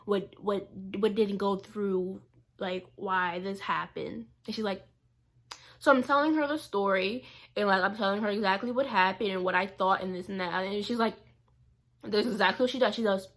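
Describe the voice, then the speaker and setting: Young woman venting a storytime, bright voice, gets fired up. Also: medium pitch, normal speed. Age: young adult. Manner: animated and indignant, quoting others. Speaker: vlogger. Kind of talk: storytime vlog.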